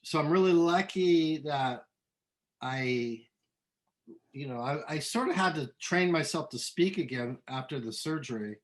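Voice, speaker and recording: A middle-aged man from Southern California, a musician being interviewed, talking in a relaxed, rambling way with many ums and restarts. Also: a little high, a little slow. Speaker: musician guest. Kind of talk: casual interview.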